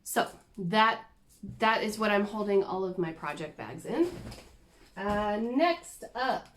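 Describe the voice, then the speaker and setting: A woman's voice: medium pitch, lively intonation, takes it slowly, fairly bright tone, slight background noise. A woman chatting casually and self-deprecatingly as she shows her cross-stitch projects to the camera. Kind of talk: casual show-and-tell chat.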